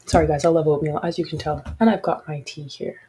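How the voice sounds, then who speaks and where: A woman's voice: low voice, fairly even intonation, fast talker, dark tone, slight background noise, low-quality recording. A woman hosting a casual livestream, talking frankly and chattily with apologetic asides to her listeners. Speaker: podcast host.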